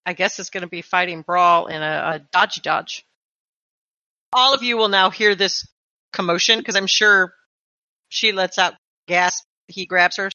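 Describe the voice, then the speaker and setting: Lady gm checking what everyone does, bright voice, dull lo-fi mic. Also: fairly low pitch, a little slow, dry recording. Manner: checks actions, asks players questions. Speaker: game master. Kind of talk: narrating a tabletop game.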